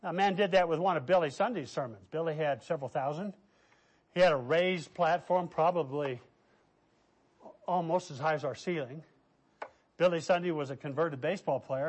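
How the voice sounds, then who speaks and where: A man preaching a sermon, telling stories with lively quoted voices and quiet asides. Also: fairly high pitch, breathy edge. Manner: animated, quotes figures in raised voice, drops to quiet asides. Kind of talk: sermon storytelling.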